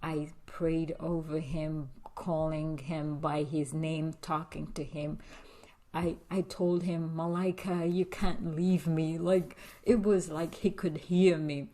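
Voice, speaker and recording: A woman's voice: sits low, level tone, slow, mellow. A woman vlogger telling a personal story in a confiding way, with many fillers and frequent drops into a whisper. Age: adult with a young daughter.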